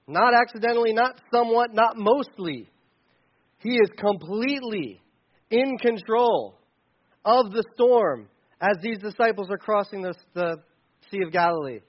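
A man preaching a sermon in a conversational, animated way, sometimes shouting for emphasis. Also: high-pitched, unhurried, lo-fi sound. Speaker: pastor.

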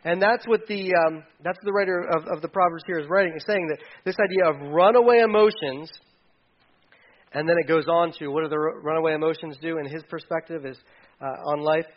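Emotive preacher with sudden loud bursts. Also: male voice, a little high, fairly quick, lo-fi sound. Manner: conversational, swings from quiet asides to loud emphatic bursts. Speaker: pastor. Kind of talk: sermon.

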